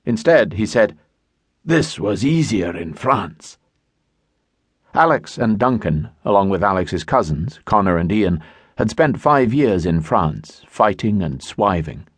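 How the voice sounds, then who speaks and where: Low, lively male audiobook narrator. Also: no echo. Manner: measured storytelling. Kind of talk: scripted narration. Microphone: studio mic.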